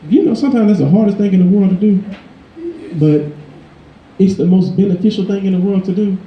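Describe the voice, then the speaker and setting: A man preaching a sermon in a conversational, emphatic way, his voice climbing higher when he drives a point home. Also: fairly quick, roomy sound, dull audio. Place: church.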